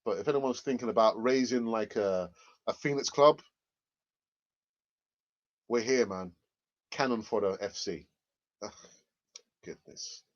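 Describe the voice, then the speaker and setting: Excitable man, dull lo-fi stream audio. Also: on the low side, a little slow, pauses often. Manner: excitable, repeats phrases for emphasis. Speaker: football fan channel host. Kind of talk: casual livestream chat.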